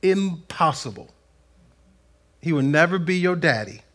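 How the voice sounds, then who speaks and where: A middle-aged pastor preaching a sermon, animated, acting out quotes in a raised voice. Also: male voice, on the high side, a little slow.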